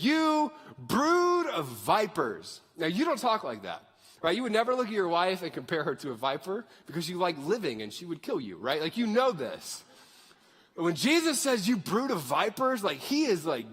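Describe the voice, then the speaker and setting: A man's voice: high voice, slightly rough. A male pastor giving a casual, jokey sermon in a church. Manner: animated, conversational, jokey. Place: church sanctuary. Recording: reverberant church hall.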